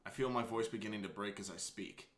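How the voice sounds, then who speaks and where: A young man streaming a visual novel game, reading it aloud with excitable asides, laughter and swearing. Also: fairly low pitch, fast talker. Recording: roomy echo.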